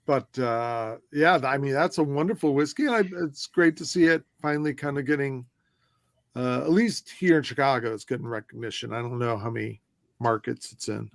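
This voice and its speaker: A man with a mid-range voice co-hosts a relaxed chat, talking eagerly and steering the conversation. The sound is dry and close, with no room around it. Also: medium pitch, brisk, creaky, dry recording. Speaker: podcast co-host. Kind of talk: casual chat, interviewing.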